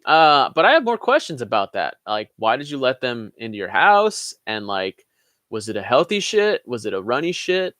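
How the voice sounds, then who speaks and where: A man's voice: medium pitch, very animated, moderate pace, a bit bright, no echo. A young man hosting a live Q&A, reading viewers' questions aloud and answering them offhand, swearing freely. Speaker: channel host answering live chat questions. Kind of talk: casual livestream Q&A.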